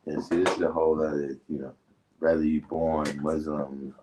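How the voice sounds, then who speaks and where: A man's voice: very deep voice, little pitch movement, moderate pace, noisy background. A man hosting a livestream in casual chat, laid-back and laughing often, trailing into asides. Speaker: livestream host.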